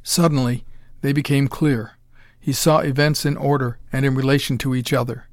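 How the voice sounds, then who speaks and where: A man narrates a pulp story in a measured, dramatic way. His voice sits at a middling pitch, and the recording is dry and close with no room sound. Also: steady tone, dry recording. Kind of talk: scripted audiobook narration.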